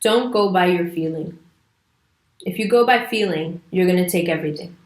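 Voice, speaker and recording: A woman's voice: on the low side, moderate pace, a little mellow. A woman giving a casual, emphatic astrology talk to camera, sometimes putting on playful little voices. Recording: echoey room.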